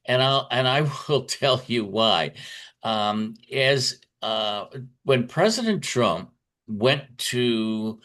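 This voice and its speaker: A man's voice: mid-range voice, animated, very slow, a bit bright. Chatty man telling a market story. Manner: chatty storytelling with frequent fillers and restarts. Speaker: market commentator. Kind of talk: conference talk.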